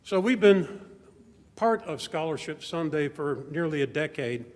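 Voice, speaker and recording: A man's voice: a little high, expressive, a little mellow. Older man telling family stories in a church. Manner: measured, reflective storytelling. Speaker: church member giving a stewardship talk. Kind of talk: personal testimony speech. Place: large church sanctuary. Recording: long church reverb.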